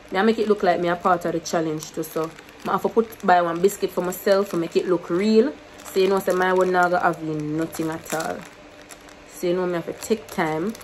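A woman's voice: on the low side, a little hiss or hum, poor audio. A young woman with a Jamaican accent chatting casually to her camera, mixing English with patois and laughing often. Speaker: YouTuber. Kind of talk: casual vlog chat to camera.

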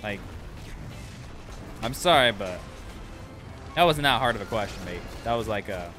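A man streaming a video game, reacting excitedly to the action and chatting casually with his viewers. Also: lowish voice, measured pace, soft background music. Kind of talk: casual livestream commentary.

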